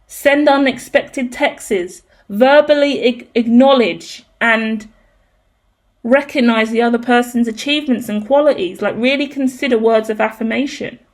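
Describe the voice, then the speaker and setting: A woman's voice: fairly high pitch, unhurried. A woman giving a casual tarot reading, talking emphatically with frequent swearing and ranting asides. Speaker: tarot reader.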